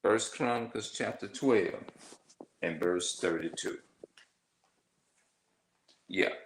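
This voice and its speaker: A man giving informal religious teaching, halting and repeating himself as he reads from notes. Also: fairly low pitch, echoey room, slight background noise, low-quality recording.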